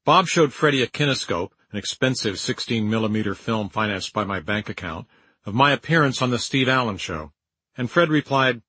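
An older man reading his own memoir aloud in a dry, wry, measured storytelling manner. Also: medium pitch, expressive, sharp tone, slightly rough, dry recording, low-quality recording. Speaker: memoir narrator. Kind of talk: audiobook memoir narration.

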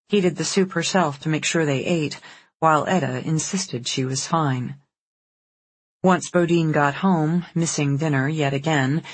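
Husky, dry-voiced audiobook narrator. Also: medium pitch, no echo. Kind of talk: scripted narration.

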